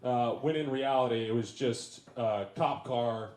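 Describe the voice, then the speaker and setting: A man's voice: medium pitch, measured pace, heavy background noise. A man performing a stand-up comedy set on a live stage, telling a story with self-deprecating asides and acted-out quotes. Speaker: guest comedian. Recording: roomy venue sound with crowd.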